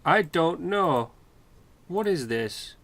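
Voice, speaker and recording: A man's voice: a little high, lively intonation, slow pace, fairly bright tone. A British man hosting a let's play, rambling chattily and swearing freely while commenting on the game. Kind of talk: casual gameplay commentary.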